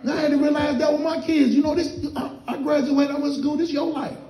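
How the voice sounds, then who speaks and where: Middle-aged guy doing stand-up, real high voice, loud and cussing, echoey club. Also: fast talker. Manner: loud, profane, animated storytelling. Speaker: stand-up comedian. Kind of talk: stand-up comedy set. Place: comedy club lounge. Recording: roomy club echo.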